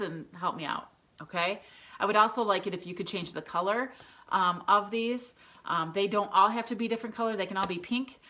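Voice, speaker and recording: A woman's voice: lowish voice, a bit bright. A woman teacher giving a remote video lesson to her students, reassuring them and checking in with a frequent "okay?". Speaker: elementary school teacher.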